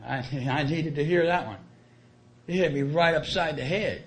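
Man, slightly high voice, earnest recovery-meeting share, folksy and repetitive, faint hiss behind. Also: moderate pace. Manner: earnest, colloquial, repeats key phrases. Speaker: speaker sharing his story at a recovery meeting. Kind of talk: plain-spoken personal testimony.

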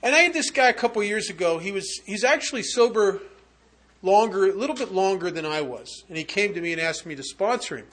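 A man's voice: high-pitched, lively intonation, a little fast, a bit bright. A man speaking at a recovery meeting, telling a humorous personal story in a conversational, wry way with frequent restarts.

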